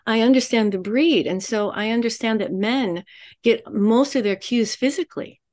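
A middle-aged woman life coach speaking as a guest, expressive and animated, often laughing and acting out quoted voices. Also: on the high side, moderate pace. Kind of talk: animated interview talk.

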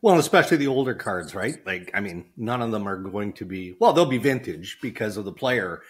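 A man's voice: lowish voice, brisk. A man co-hosting a casual podcast chat over a video call, laughing often and reading ad copy. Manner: animated, laughing, reads ad copy. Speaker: podcast co-host.

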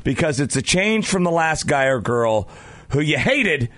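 A man co-hosting sports radio, bantering casually with quick jokes and asides. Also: on the high side, no echo. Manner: relaxed, joking, quick asides.

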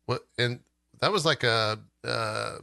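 A man co-hosting a podcast, laid-back in casual chat and quick to laugh along. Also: medium pitch, gravelly, bright, forceful tone, clear, resonant tone, dry recording, clean studio sound. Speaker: podcast co-host.

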